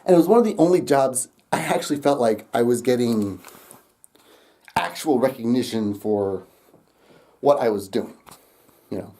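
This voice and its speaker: A young adult talks to the camera in a loose, rambling storytime, laughing between lines and swearing without fuss. The voice is dark and mellow in tone. Its pitch swings widely as the story goes on. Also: lively intonation, normal speed, long pauses. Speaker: vlogger.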